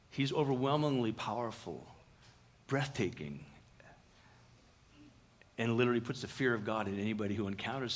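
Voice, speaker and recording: A pastor delivering a conversational sermon in church, animated and full of "uh" fillers. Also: male voice, medium pitch.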